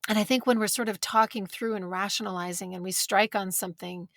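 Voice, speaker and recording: A woman's voice: mid-range voice, steady tone, fairly quick, a bit bright, no echo. A woman author speaking as a guest, thoughtful and candid, searching for words and close to tears. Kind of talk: reflective conversation. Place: bedroom closet.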